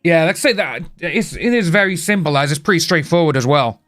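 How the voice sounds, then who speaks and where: A man's voice: on the high side, expressive, fairly quick, a bit bright. A young British man chatting casually on a live stream, rambling and greeting viewers by name. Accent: British English. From United Kingdom.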